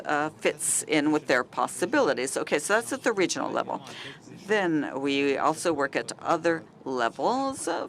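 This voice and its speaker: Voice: mid-range voice, fairly bright tone. Hesitant conference panelist. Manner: hesitant, many fillers and restarts. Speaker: panelist from a regional festival association.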